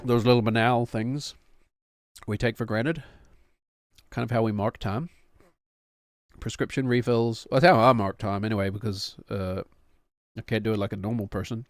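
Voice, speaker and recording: A man's voice: on the low side, fairly even intonation, normal speed, pauses often, dry recording, studio quality. A man in his thirties, a streamer who chats casually in a rambling, wry, self-mocking way. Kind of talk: casual chat.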